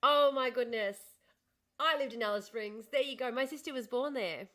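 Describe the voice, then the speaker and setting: A middle-aged livestream host from northern Australia chats casually in a posh Australian accent, reading out comments, answering them and laughing often. Her voice is on the high side and fairly bright, and she talks fairly quickly.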